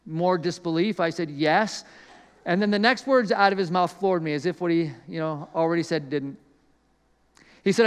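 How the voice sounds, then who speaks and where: A man preaching through a personal story with a high, smooth, resonant voice. He talks conversationally and self-deprecatingly, slipping into the voices of people in his story. The sound carries the long reverb of a large hall. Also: moderate pace. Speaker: pastor. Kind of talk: storytelling sermon.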